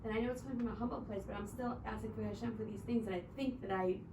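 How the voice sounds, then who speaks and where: A woman's voice: on the high side, steady tone, very fast. A woman in the class asking the rabbi earnest questions from the audience. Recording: distant, roomy, with background noise.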